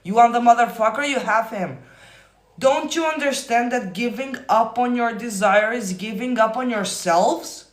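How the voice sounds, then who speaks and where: A man coaching manifestation on a live stream, answering viewer comments in a profane, emphatic, often yelling way. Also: very high-pitched, a little slow. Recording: roomy echo.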